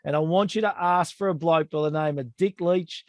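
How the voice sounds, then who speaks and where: A high-pitched Australian man hosts a relaxed sports chat and sounds jokey and matey. He keeps addressing his listeners as kids. His voice is dry and close to the mic. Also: fairly quick, dry recording. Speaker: podcast host.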